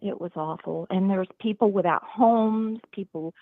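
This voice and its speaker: A middle-aged woman calling into a livestream, speaking in a slow, weary way with sighs and hesitations. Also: mid-range voice, no echo. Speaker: caller. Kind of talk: phone call into a livestream. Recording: tinny phone line.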